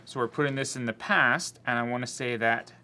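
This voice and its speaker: Guy teaching a spanish grammar class, bright clear voice, patient and step by step. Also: medium pitch, steady tone, brisk, slight background noise. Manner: explains patiently, voicing imagined student objections.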